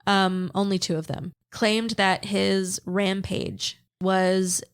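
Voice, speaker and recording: A woman from Texas co-hosts a casual podcast chat. Her voice is hoarse and crackly from a cold. She talks bluntly, swears freely and laughs often. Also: mid-range voice, level tone, slow pace. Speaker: podcast co-host.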